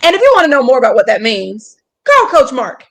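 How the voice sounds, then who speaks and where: A young woman comedian with an Atlanta accent, chatting in a casual interview over a call, animated and joking. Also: high-pitched, a little fast. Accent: Southern US, Atlanta. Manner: animated, joking, slips into put-on voices. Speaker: comedian guest. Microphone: phone or video call.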